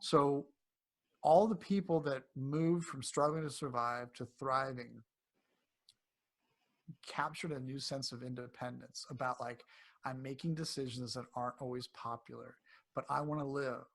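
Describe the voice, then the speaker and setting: A man being interviewed as a health coach, speaking casually and acting out quotes in animated voices. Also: mid-range voice, measured pace, vocal fry. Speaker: cancer coach guest.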